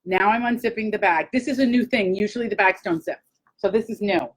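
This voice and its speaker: A woman hosting a casual live chat, gushing and excitable, talking straight to her viewers. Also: mid-range voice, a little fast, poor audio. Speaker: host.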